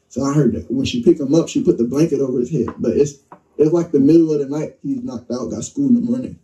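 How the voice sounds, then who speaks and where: A man's voice: medium pitch, fast, recorded from a distance, poor audio. A man casually telling a story in slangy speech, acting out what people said. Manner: relaxed, slangy, acts out dialogue. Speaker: interview guest telling his story.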